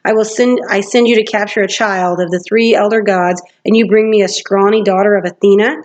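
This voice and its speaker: Woman reading a booming, menacing villain general. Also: steady tone, fairly quick, darkish tone, natural voice. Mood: commanding. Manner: booming, growling. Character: booming, commanding male general, stone-hard and menacing.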